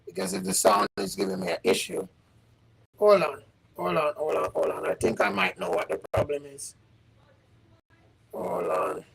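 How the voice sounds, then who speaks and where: Man hosting a live stream with a high, lively voice and a halting, repetitive delivery. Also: gravelly, slightly rough, low-quality recording. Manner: repetitive, halting, asks the audience questions. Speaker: livestream host. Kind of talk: casual livestream chat. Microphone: livestream setup.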